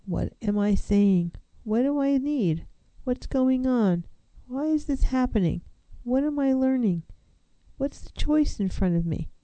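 A woman's voice: high-pitched, animated, measured pace, warm tone, no echo. A woman counselor giving an earnest, reflective self-help talk, posing one rhetorical question after another.

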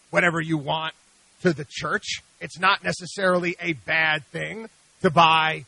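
A man's voice: high-pitched, creaky, sharp tone, no room sound, low-quality recording. A man hosting a radio show, delivering an emphatic, preachy monologue full of rhetorical questions.

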